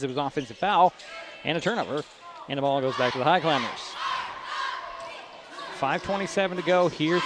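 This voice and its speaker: A man giving brisk, chatty play-by-play of a high school basketball game, rising at big plays. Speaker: play-by-play announcer. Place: school gym. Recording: gym noise behind broadcast mic.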